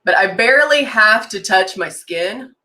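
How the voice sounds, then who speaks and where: A woman consultant demonstrates makeup live, speaking unhurriedly in an expressive, medium-pitched voice that is pushed and bright. She chats enthusiastically and casually, reading out viewers' comments as she goes.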